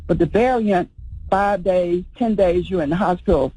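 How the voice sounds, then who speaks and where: Earnest woman guest, husky, dry close-mic sound. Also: on the low side, normal speed, dark tone, no room sound, rough recording. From Birmingham, Alabama, US. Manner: earnest, explanatory. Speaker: funeral home owner, radio guest. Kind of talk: radio interview.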